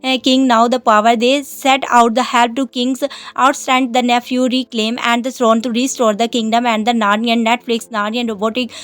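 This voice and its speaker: A woman reading a scripted film commentary, halting often with "uh" pauses. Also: fairly high pitch, little pitch movement, a bit bright, no room sound. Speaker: narrator.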